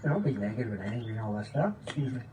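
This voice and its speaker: A man giving an informal, excited spiritual talk, often checking in with "okay?" and sometimes dropping to a low voice to demonstrate. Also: racing. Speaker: spiritual teacher. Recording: distant mic with faint background noise.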